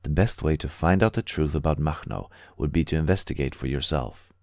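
A man's voice: extremely low pitch, fairly quick, a little mellow, no echo, studio quality. A man voicing an earnest, conspiratorial emigrant bookseller in an audiobook, speaking with grave urgency. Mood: confiding.

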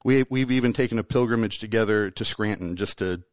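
A man's voice: lowish voice, a little fast, dry recording. Upbeat joking male podcast host, dry sound. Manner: energetic, joking, rambling. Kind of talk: casual podcast chat.

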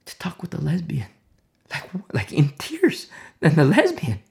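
Gravelly, animated preacher with hushed whispers. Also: medium pitch, slow. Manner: swings between loud outbursts and hushed near-whispers; emotional, repeats phrases for emphasis. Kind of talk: impassioned sermon storytelling.

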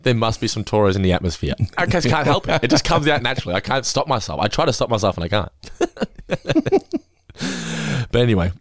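A man's voice: medium pitch, a little fast, no echo. A young man hosting a podcast, casually recapping an episode and acting out quotes with lots of laughter. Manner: animated, laughing, acts out quotes. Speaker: podcast host.

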